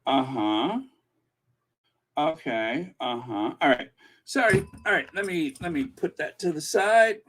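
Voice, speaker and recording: Slow, chatty higher-voiced man. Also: expressive, a bit bright. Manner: slow, rambling, self-amused. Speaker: host of a royal news channel. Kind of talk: casual chat reading viewer comments.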